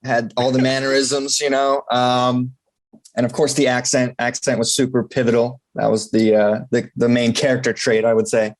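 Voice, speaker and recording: A man's voice: mid-range voice, flat delivery, normal speed. A young man from Michigan, a guest in a casual podcast interview, talking in a laid-back way with easy laughs.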